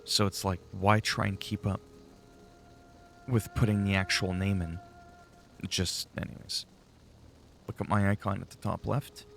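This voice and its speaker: A man's voice: low-pitched, little pitch movement, unhurried, gravelly, pauses often, fairly bright tone, a little hiss or hum. A man giving casual, rambling commentary while playing a game, chatty and swearing freely. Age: adult, long-time player. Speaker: gaming channel host.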